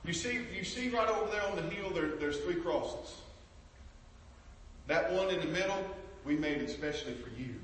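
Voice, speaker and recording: A male preacher voicing a gruff male Roman prison guard in a sermon story. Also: a little high, moderate pace, fairly bright tone, a little hiss or hum, lightly acted. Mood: gentle. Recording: echoey hall from far off.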